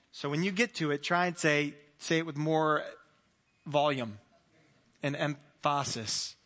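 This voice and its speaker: Preacher, male: high, bright, earnest, long hall reverb. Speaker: pastor. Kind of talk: sermon. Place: church hall.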